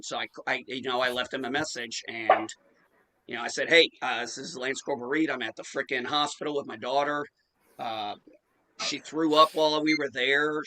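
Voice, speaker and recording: A man's voice: mid-range voice, background noise. A man in his forties telling a profane story in casual chat, acting out the quotes. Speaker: podcast host.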